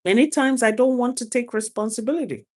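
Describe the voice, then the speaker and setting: A woman's voice: a little high, fairly quick, a little mellow. A woman hosting a casual motivational talk, laughing often and repeating phrases for emphasis. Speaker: host, spiritual advice speaker.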